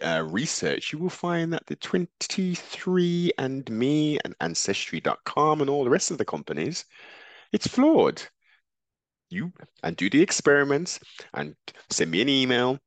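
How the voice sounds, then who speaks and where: A man's voice: low-pitched, a bit bright, no echo. A man hosting a podcast, giving rambling reaction commentary with frequent restarts. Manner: musing, digressive, frequent restarts. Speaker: podcast host.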